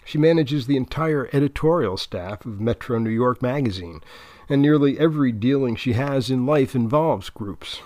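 A man's voice: mid-range voice, moderate pace, darkish tone, no echo. Male narrator, dry close sound. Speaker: audiobook narrator. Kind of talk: scripted narration.

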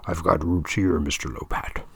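A man's voice: very deep voice, fairly even intonation, normal speed, gravelly, husky, no echo, voice pushed down, full character voice. A man voicing a disgraced male debate coach asking for work, hesitant and pleading.

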